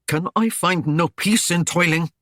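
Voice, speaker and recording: Male narrator doing a curt, growling medieval warlord, raised pitch, dry close sound. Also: expressive, moderate pace, no echo. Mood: stern. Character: stern proud male Norman lord, gruff.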